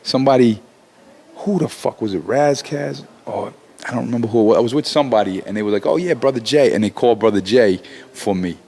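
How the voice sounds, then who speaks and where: This guest, a rapper in his forties, talks fast in a mid-range voice, swearing loosely and restarting lines as his excitement builds during a casual interview.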